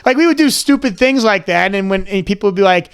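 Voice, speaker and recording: Animated young man with gravelly high voice. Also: fast, a little hiss or hum. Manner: animated storyteller who keeps slipping into voices; rambling, with many restarts and "like"s. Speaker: guest, comedy content creator. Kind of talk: casual podcast chat.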